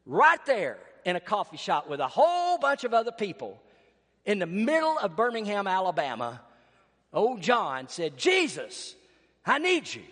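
A man delivers a storytelling sermon in a fairly high voice. He moves between quiet, confiding lines and sudden loud bursts. Long reverb hangs behind every phrase, as in a large hall. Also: huge pitch swings, normal speed. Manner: storytelling preacher, swings from hushed to loud. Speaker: pastor.

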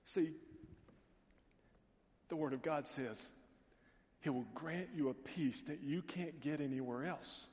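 A middle-aged man preaching a sermon as pastor, telling stories with folksy asides and animated voices for the people in them. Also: on the high side, slow pace, long pauses. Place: church sanctuary. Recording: long reverb of a large hall.

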